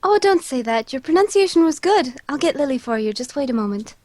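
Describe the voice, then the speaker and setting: A woman voicing a polite, soft-spoken young woman while reading a visual novel aloud with a friend. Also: high voice, animated, a little fast, no room sound. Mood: gentle. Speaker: co-player voicing characters. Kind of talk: casual visual novel read-along.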